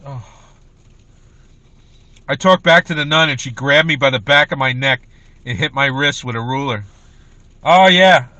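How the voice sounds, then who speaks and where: Rambling livestream comedian man, bright voice. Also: medium pitch, steady tone, moderate pace, long pauses, dry recording. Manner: rambling, chatty, reading viewer comments. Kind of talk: casual livestream chat.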